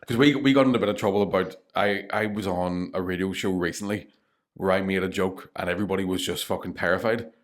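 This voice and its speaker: This Northern Irish man, appearing as a comedian guest, has a low voice and a rapid delivery. His casual storytelling is lively, full of swearing and laughter.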